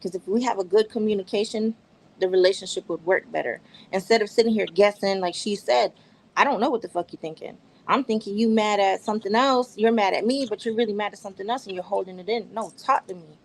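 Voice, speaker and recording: A woman's voice: medium pitch, quick pace, low-quality recording. A woman on a podcast panel who speaks earnestly and repeats her points for emphasis. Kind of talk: casual podcast discussion.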